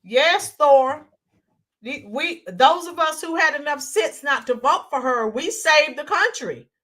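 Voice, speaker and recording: Woman streamer, high and bright, very lively, chatty commentary that reads out viewer comments. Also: a little slow. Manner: animated, reads viewer comments aloud, greets viewers warmly. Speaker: political livestream co-host. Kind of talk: casual political commentary livestream.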